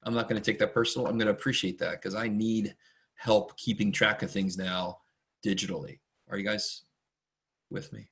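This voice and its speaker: A man teaching a math class online in a casual, chatty, rambling way, often talking fast and poking fun at himself. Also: on the low side, flat delivery, vocal fry, a bit bright. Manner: chatty, rambling and self-deprecating; talks fast much of the time. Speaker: math instructor. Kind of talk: casual online lecture to students.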